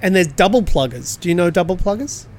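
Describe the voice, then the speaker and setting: Chatty male quiz host with a high, light voice, faint noise behind. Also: animated, fast. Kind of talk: casual chat.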